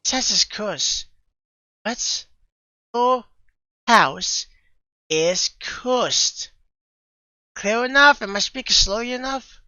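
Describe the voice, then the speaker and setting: A woman voicing a grim young mystic who speaks low, slow and ominous in a visual novel fan dub. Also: sharp tone, no room sound, highs cut off. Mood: condescending. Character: grim young mystic sensing a dark spirit.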